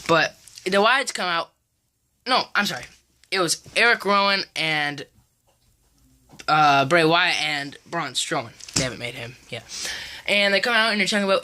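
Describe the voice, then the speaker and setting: Bright-voiced woman excitedly recapping wrestling. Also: measured pace. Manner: excitable play-by-play, jumps high and loud at big moments; many fillers and restarts.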